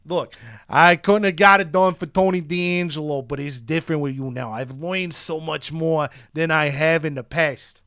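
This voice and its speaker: A man voicing an excitable, goofy young male wrestler who keeps tagging his sentences with "huh?". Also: fairly high pitch, slow pace, long pauses, no room sound, clean studio sound. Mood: excited.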